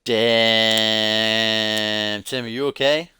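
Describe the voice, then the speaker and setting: Bright, crisp-voiced man calling a wrestling game. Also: fairly low pitch, moderate pace, no echo. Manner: joking, teasing chat asides. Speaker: stream host and commentator. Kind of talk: live play-by-play of a wrestling video game.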